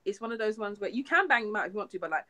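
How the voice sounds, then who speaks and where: A young woman co-hosting a geek podcast, chatting excitedly and laughing often. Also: medium pitch, rapid-fire. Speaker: podcast co-host. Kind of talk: casual geek chat.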